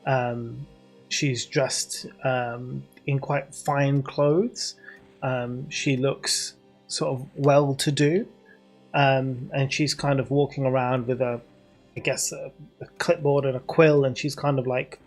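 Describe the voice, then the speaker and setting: A man's voice: mid-range voice, flat delivery, slow pace, faint music behind. A man with a British accent narrating as game master over a video call, hesitant with many fillers. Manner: hesitant, filler-heavy narration with frequent laughs.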